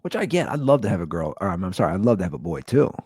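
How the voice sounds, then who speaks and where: A man in his forties hosting a show, telling a comedic story in a rambling, animated way, full of "like.". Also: sits low, rapid-fire, slightly rough, no echo, studio quality. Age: 40s. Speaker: podcast host.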